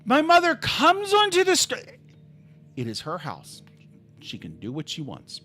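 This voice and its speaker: Lively, rambling livestreamer telling a story. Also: sits high, measured pace, faint music behind. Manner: rambling, profane, heated storytelling.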